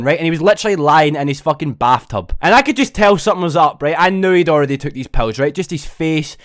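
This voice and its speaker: A young man rattles through a story at a fast clip. His voice sits a little higher than most men's. He rambles, swears constantly and keeps tagging his lines with "right?". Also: animated. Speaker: vlogger. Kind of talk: casual storytelling to camera.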